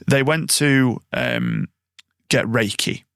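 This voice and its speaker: A man hosting a podcast interview, talking in a reflective, anecdotal way with long, drawn-out phrasing. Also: medium pitch, huge pitch swings, gravelly, a bit bright, clear, resonant tone, no echo, clean studio sound. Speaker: podcast host. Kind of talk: conversational interview.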